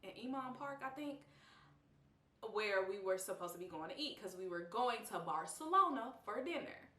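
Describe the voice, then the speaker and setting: Animated young woman telling a storytime. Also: mid-range voice, normal speed. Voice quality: animated, expressive, lively quoting of others. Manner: blunt, slangy, laughs often. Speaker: vlogger. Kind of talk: casual storytime. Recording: roomy, slightly distant mic.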